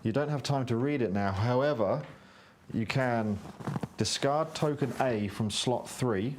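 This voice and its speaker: Brisk man narrating a board game story, plain mid-pitched voice. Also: noisy background. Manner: brisk read-aloud, narrating the game's story text. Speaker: co-host reading a board game script aloud. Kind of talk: reading game text and casual play chat.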